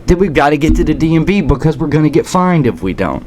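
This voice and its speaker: A man's voice: a little high, big pitch swings, fast talker, a little mellow, slight background noise. A man from the United States hosting a political commentary rant, combative and sarcastic, now and then stumbling over words and restarting. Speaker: commentary channel host.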